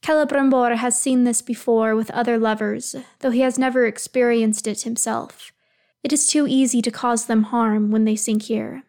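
Woman reading fanfic out loud, calm and even, slightly high voice. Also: moderate pace. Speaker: reader. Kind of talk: reading fan fiction aloud.

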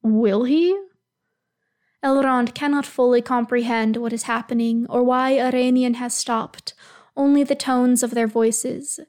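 A woman calmly reading fan fiction aloud, telling the story in an even voice. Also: fairly high pitch, normal speed. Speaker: reader.

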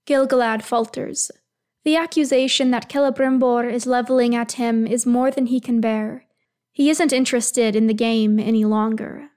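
A woman calmly reading fan fiction aloud, telling the story in an even voice. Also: on the high side, moderate pace. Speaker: reader.

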